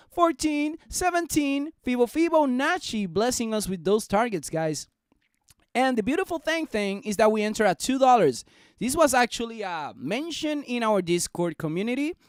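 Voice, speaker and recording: A young man hosting a casual stock market live stream, excitable and jokey, chatting straight to his viewers. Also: sits high, clear, resonant tone, no echo, clean studio sound.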